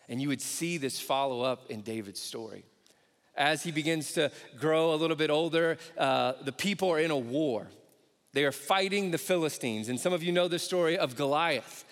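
A man preaching a sermon, telling Bible stories casually and acting out the characters' voices, then dropping low and slow for key points. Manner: animated storytelling, acts out voices of biblical characters. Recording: long hall reverb.

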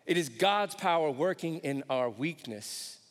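A man preaching a sermon, telling Bible stories casually and acting out the characters' voices, then dropping low and slow for key points. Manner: animated storytelling, acts out voices of biblical characters. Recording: long hall reverb.

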